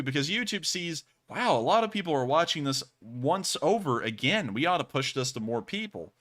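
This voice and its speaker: A man's voice: mid-range voice, fairly bright tone. Earnest rambling man. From United States. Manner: earnest, rambling, repeats thanks often. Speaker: livestream news host. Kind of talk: casual livestream talk.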